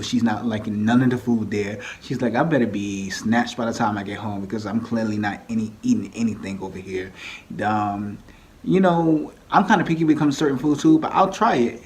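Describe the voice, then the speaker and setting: A man's voice: fairly low pitch, a little mellow, a little hiss or hum. A man casually recapping a reality TV episode, chatty and laughing often, acting out the quoted lines.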